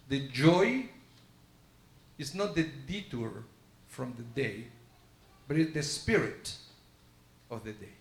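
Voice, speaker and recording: Guy giving a sermon, slightly high voice, tells a story and plays out the dialogue, echoey sanctuary. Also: a bit bright. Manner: storytelling sermon, acts out dialogue with shifting pitch. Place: synagogue sanctuary.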